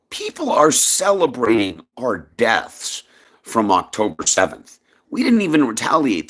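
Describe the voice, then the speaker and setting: On his own vlog, a man from Canada speaks emphatically through an impassioned personal monologue, his pitch swinging lively.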